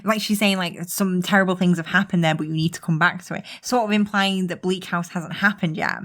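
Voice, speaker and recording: Chatty woman podcast host, lowish voice. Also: steady tone, brisk, a bit bright. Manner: chatty, laughs often, reads excerpts aloud. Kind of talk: casual chat.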